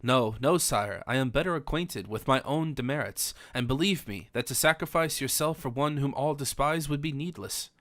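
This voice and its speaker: A man's voice: medium pitch, normal speed, hardly any pauses, fairly bright tone, dry recording, studio quality, lightly acted. A man voicing a distraught, devout young woman in an audiobook, pleading in formal old-fashioned speech. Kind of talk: audiobook character reading.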